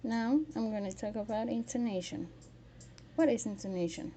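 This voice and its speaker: A woman's voice: on the high side, moderate pace, dark tone, slight background noise. A woman teaching a pronunciation lesson, carefully modelling example words one by one.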